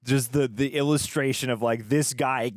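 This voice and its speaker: A man's voice: medium pitch, steady tone, moderate pace, dry recording, studio quality. A man co-hosting a movie reaction show, chatting casually and rambling with many fillers and restarts. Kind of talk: casual chat.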